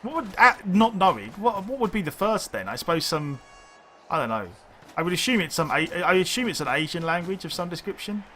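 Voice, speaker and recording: A man's voice: high voice, big pitch swings, fairly quick, pushed and bright, a little hiss or hum. A man streaming a video game, chatting casually with viewers and thinking aloud in rambling, restarting sentences. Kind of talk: casual chat while gaming.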